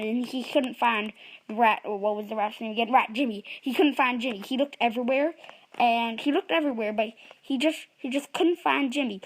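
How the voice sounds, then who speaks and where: A woman's voice: a little high, low-quality recording. A woman improvising a rambling story that keeps losing track of its names and correcting itself. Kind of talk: improvised storytelling for a puppet app.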